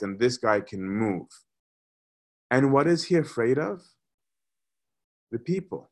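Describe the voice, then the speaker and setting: A man giving a conversational sermon as a priest, often repeating words as he gathers his thoughts. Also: medium pitch.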